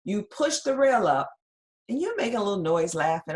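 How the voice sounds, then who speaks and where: A woman's voice: mid-range voice, very animated, moderate pace, darkish tone. A woman presenting a webinar lecture, talking conversationally and checking in with the listeners with frequent "right?".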